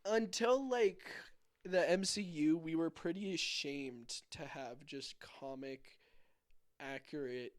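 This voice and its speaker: Excitable young man rambling through stories. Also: a little high, takes it slowly. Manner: rambling storyteller, excitable, opinionated. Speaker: podcast host. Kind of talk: casual chat.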